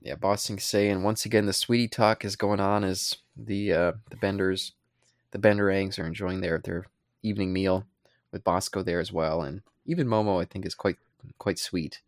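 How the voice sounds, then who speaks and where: A man co-hosting a podcast, recapping a comic in a relaxed, rambling way with playful asides. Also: low voice, moderate pace, dry recording, clean studio sound. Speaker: podcast co-host. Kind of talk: casual chat recapping a comic.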